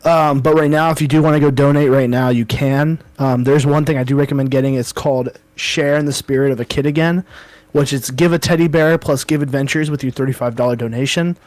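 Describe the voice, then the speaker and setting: A man's voice: medium pitch, a little fast, dry recording. Young man with a dry, close sound. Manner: animated storyteller. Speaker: podcast co-host. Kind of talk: casual chat.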